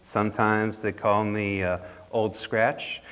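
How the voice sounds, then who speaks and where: A man voicing the devil as a sly male card sharp, smooth and coy. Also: on the low side, flat delivery, slow pace. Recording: long reverb of a hall.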